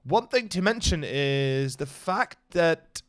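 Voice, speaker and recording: Casting a match alone in English, his non-native tongue, a young Slovenian man with a Slovenian accent speaks slowly with lively intonation and a clean tone. He gets sharply louder and higher when action hits, then talks with viewers between plays.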